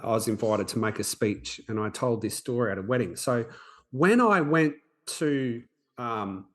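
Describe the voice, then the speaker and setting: Man in his forties, podcast host, earnest personal storyteller, halting delivery, average pitch. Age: 40s. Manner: earnest, halting, with frequent restarts.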